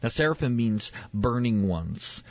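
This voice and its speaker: A preacher on a faith show teaches the Bible in sermon style, emphatic and repeating key phrases for stress. His medium-pitched voice is sing-song and measured, recorded with no room sound and a dull lo-fi quality.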